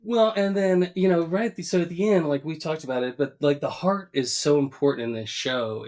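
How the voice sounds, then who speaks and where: A man co-hosting a podcast, casually recapping a cartoon episode, laughing often and jumping into higher voices to quote characters. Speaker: podcast co-host.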